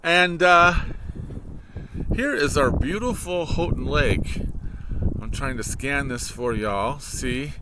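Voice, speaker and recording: A man's voice: a little high, animated, takes it slowly, pauses often, heavy background noise. A man with a Michigan accent chatting casually while walking on a frozen lake, rambling and correcting himself as he goes. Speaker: vlogger, high school worker. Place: outdoors on a frozen snowy lake. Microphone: laptop held while walking.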